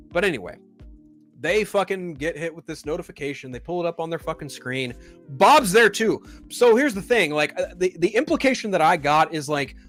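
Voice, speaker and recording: A man hosting a solo live stream, chatting casually and profanely about a film and reading viewer comments. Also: high voice. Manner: profane, ranting, rises into loud exasperation.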